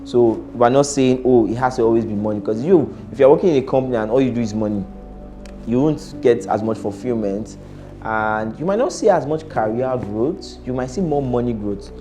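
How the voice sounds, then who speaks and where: A man's voice: mid-range voice, fairly quick, mellow, faint music behind. A man giving casual, blunt reaction-video commentary as an employer, laughing often and repeating himself.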